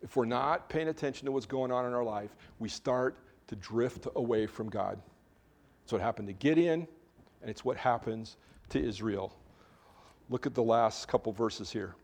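A man's voice: medium pitch, normal speed. A male pastor preaching a conversational sermon, informal, with frequent restarts and joking asides.

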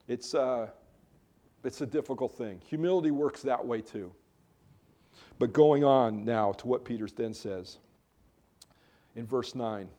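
Pastor, man, relaxed mellow voice, chatty sermon delivery with frequent restarts. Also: medium pitch, unhurried, long pauses. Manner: conversational, with self-interrupting restarts. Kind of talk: casual sermon, Bible teaching.

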